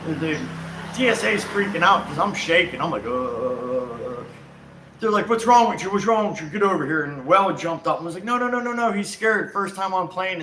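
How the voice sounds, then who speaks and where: A man casually telling a personal travel story, rambling and animated with frequent self-corrections. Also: fairly high pitch, vocal fry, a little hiss or hum. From United States. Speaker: vlog host. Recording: roomy echo with faint outdoor ambience and birds.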